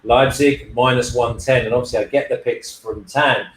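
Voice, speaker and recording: A man's voice: medium pitch, steady tone, moderate pace. A man co-hosting a live sports betting show, joking and talking over the others in casual chat. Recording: roomy room, faint noise.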